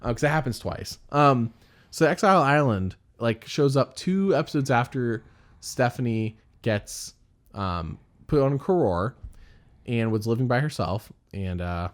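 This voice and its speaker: A man's voice: mid-range voice, expressive, unhurried. A man co-hosting a podcast in casual chat, rambling, laughing often and mimicking people he quotes. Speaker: podcast co-host.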